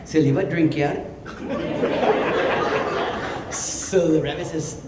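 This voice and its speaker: A man's voice: on the high side, fairly quick. A man, a boisterous entertainer telling a joke and laughing at it. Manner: boisterous, laughs at own jokes. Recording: echoey hall with loud background noise.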